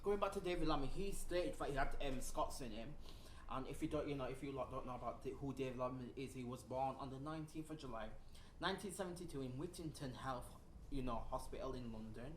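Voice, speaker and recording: Young British male co-host, relaxed and chatty, recorded in a roomy space. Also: medium pitch, fast, slight background noise. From United Kingdom. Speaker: podcast co-host. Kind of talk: casual chat. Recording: roomy echo.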